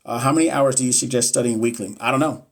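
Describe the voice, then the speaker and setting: A young man talks loosely to his live-stream viewers as a nurse educator. His voice sits at an ordinary pitch, and he is blunt, profane and fond of repeating a point for emphasis. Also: fast, creaky. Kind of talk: casual live-stream chat answering viewers.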